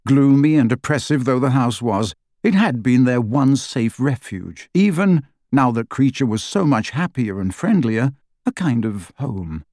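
Brief: male audiobook narrator, measured and even, dry studio sound. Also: medium pitch, no room sound. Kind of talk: scripted narration.

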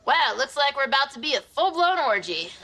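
A woman trading deadpan, sarcastic quips in sitcom dialogue. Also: sits high, a little fast, heavy background noise. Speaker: sitcom character.

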